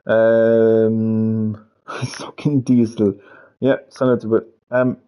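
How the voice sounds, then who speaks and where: A man's voice: lowish voice, flat delivery, drawn-out words, mellow. A man chatting on a gaming live stream, rambling, swearing freely and repeating himself. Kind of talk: casual live-stream chat. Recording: dull lo-fi stream audio.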